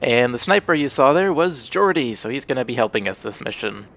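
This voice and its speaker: A man's voice: mid-range voice, expressive, a little fast, fairly bright tone. A young man commentating a game he is playing, sounding sick and groggy with a morning voice, rambling and correcting himself as he goes. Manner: rambling, self-correcting, easygoing. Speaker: let's play host. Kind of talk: casual gameplay commentary.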